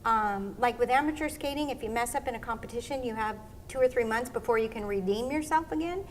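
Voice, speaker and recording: Middle-aged woman, kinda high voice, chatty and animated, faint hum behind her. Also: quick pace. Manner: animated storyteller, acts out quotes. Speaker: interview guest, former pro skater. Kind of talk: casual storytelling interview.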